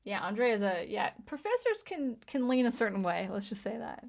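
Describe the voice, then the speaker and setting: A woman in her thirties chatting casually on a livestream as she reads viewer comments, talking in a halting way with frequent restarts. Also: a little high, very animated, vocal fry. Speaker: livestream host, music teacher and composer.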